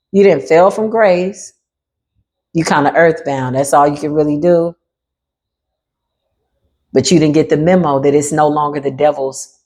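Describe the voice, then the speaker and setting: Woman tarot reader, lowish voice, sassy and emphatic, quick asides. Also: a little mellow. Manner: sassy and emphatic, repeats lines for effect; swings into high exclamations and asides. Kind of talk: spiritual tarot reading.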